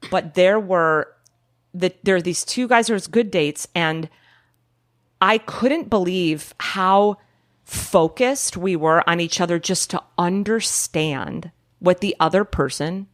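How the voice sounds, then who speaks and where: A woman in her forties, a guest actor on a casual podcast, telling stories in an animated, laughing way and trailing off mid-thought. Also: on the low side, slow pace. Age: 40s.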